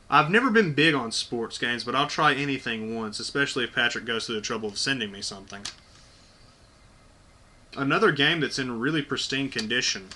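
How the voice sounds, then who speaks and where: A man's voice: mid-range voice, brisk, pushed and bright, slight background noise. A man hosting a casual unboxing video, talking bluntly and enthusiastically with plenty of swearing. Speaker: video host.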